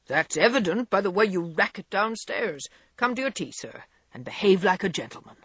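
A reader voicing a gruff, abrupt older gentleman who is kind underneath, in a storybook reading. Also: medium pitch, lively intonation, moderate pace, dry recording, studio quality. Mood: stern.

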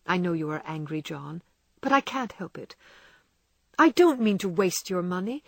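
Anxious young wife, pleading and emotional, slightly husky, voiced by a woman narrator. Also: medium pitch, dry recording.

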